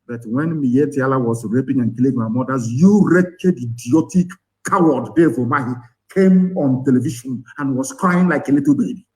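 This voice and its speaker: A man's voice: medium pitch, normal speed, dark tone, poor audio. A man with a Nigerian accent giving an impassioned live broadcast, angry and scornful, firing rhetorical questions. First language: Igbo. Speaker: activist leader broadcasting.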